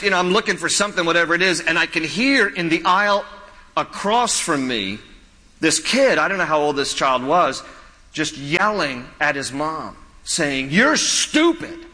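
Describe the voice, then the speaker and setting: A male pastor delivers a sermon with emphatic repetition and joking anecdotes. His voice is bright and ringing, pitched a little high for a man. A long hall reverb trails after each phrase. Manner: emphatic, repeats key lines for emphasis; humorous storytelling asides with laughter.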